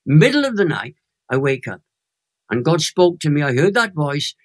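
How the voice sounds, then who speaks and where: A man's voice: on the high side, normal speed. Elderly Welshman telling a story. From Wales. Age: 80s. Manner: emotional, animated storyteller. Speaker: guest, Christian minister. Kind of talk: personal testimony storytelling.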